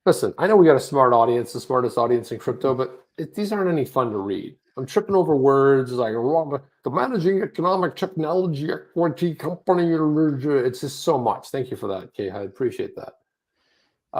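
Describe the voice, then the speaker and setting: A man's voice: medium pitch, lively intonation, normal speed. A man co-hosting a casual livestream, rambling and joking at his own expense. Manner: rambling, jokey, self-deprecating. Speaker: co-host. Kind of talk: casual crypto livestream chat.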